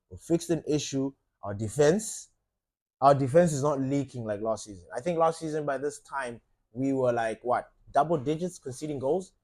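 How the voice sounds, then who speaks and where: A man talking casually and animatedly as a football fan channel host, swearing now and then and repeating himself for emphasis. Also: mid-range voice. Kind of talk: casual opinion monologue.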